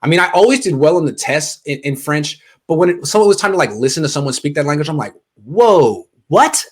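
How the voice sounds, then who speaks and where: A young adult American man hosts a loose sports chat at a brisk clip, his voice sitting a bit high. He jokes around and reads viewer comments aloud in an easygoing way. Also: expressive. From United States. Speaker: podcast host. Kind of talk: casual live-stream chat.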